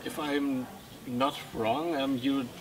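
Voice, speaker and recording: A man's voice: medium pitch, fairly even intonation, takes it slowly. A man whose first language is German, asking interview questions in English, hesitant and full of ums. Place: book fair. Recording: noisy book fair.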